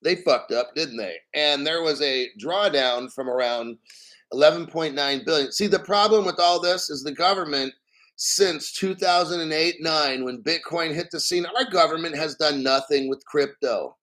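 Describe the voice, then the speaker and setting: A man ranting on his crypto channel in a slightly raised voice, blunt and profane. He reads from an article and keeps clearing his throat between points. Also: fairly high pitch, moderate pace, fairly bright tone. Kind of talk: ranting commentary reading articles.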